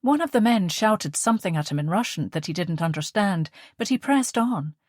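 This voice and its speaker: A woman reading audiobook narration in a measured, steady way on a close studio mic. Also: lowish voice, no echo.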